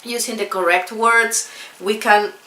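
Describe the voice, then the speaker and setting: Slow, bright-voiced woman teacher, echoey. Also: medium pitch, fairly even intonation, slight background noise. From South America. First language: Spanish. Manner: earnest, repeats points for emphasis. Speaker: English teacher. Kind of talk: casual video lesson. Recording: echoey room.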